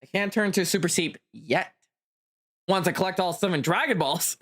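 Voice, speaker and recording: A man's voice: high voice, a little fast, fairly bright tone. A man streaming a game, making casual joking asides between scenes. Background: game music.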